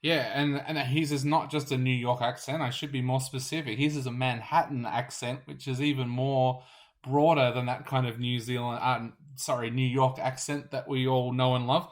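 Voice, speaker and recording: A man's voice: medium pitch, fairly even intonation, moderate pace. A man, a theatre reviewer, chatting casually and enthusiastically about a stage show, sometimes correcting himself.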